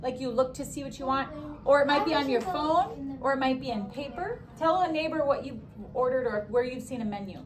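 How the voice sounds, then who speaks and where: A young woman teaching a classroom spelling lesson, upbeat, stretching words and throwing in quick asides. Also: sits high, lively intonation.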